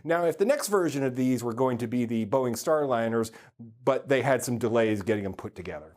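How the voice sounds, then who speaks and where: A man hosting an entertainment news segment, reading quick items and adding deadpan, punny asides. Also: mid-range voice. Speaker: host. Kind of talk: news segment with corny jokes.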